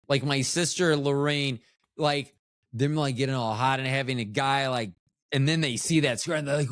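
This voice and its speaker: A man's voice: medium pitch, no echo, clean studio sound. A man hosting a casual solo podcast, rambling and joking at his own expense. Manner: rambling, joking, self-mocking. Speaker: podcast host.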